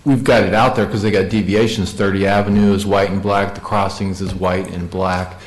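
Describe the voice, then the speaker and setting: A man on a county staff, answering a review board's questions in a meeting, halting and repeating words. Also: sits low, level tone. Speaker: county staff member presenting. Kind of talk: meeting discussion. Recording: echoey meeting room.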